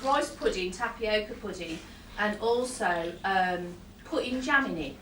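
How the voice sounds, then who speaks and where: Unhurried and mid-range in pitch, a woman psychic medium gives a chatty reading to her live audience. She laughs often and slips in apologetic asides. The sound is that of a roomy hall with a distant mic and faint noise.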